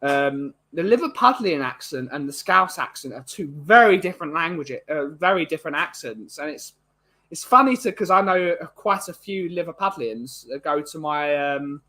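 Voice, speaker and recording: Rambling English male host reading out chat, bright slightly high voice. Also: animated, moderate pace. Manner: chatty, rambling, greets chatters by name. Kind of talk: casual live-stream chat.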